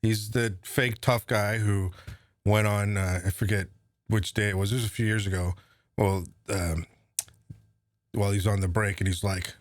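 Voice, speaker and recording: A man's voice: fairly low pitch, fairly even intonation, moderate pace, no room sound, clean studio sound. A man hosting casual political commentary, sarcastic and profane, rambling as he goes. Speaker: host.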